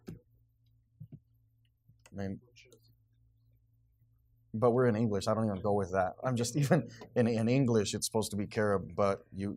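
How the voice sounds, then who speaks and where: A man leading a Bible study with a small group, reading scripture aloud with rising force and then explaining it in a relaxed, conversational way. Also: fairly low pitch, normal speed, pauses often. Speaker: Bible teacher.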